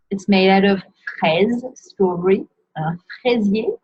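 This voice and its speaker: A woman with a husky, breathy voice gives a pronunciation lesson, saying each word slowly and then repeating it. Her pace is unhurried. The recording sounds dull and lo-fi. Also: medium pitch, darkish tone. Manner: slow, careful word-by-word pronunciation with repetitions. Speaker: French teacher.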